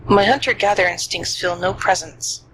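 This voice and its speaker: Game streamer, reading dialogue aloud, animated, middle pitch, faint noise. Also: fairly quick. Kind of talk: reading a visual novel aloud.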